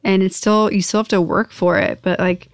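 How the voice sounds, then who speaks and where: A woman's voice: mid-range voice, fairly even intonation, moderate pace, clear, resonant tone, no echo, studio quality. A young woman hosting a podcast, talking casually and chattily with lots of filler words. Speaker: podcast host and company owner. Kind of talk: casual chat.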